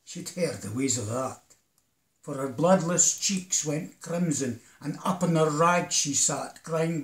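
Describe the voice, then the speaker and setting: Man reciting a dramatic poem slowly. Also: fairly high pitch, echoey room. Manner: theatrical, moving between hushed and declaiming. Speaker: poetry reciter.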